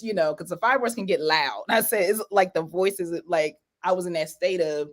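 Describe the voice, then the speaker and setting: A woman's voice: on the low side, moderate pace, hardly any pauses. Woman chatting with lots of "you know"s. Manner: rambling, many "you know" fillers, laughs often. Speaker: guest, author of a coloring book. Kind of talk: casual conversational interview.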